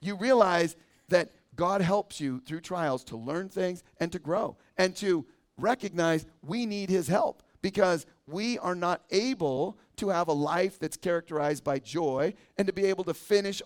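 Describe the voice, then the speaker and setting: A man's voice: high-pitched, normal speed. Conversational pastor, a man preaching. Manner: conversational, asks the audience "right?" often. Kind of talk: sermon.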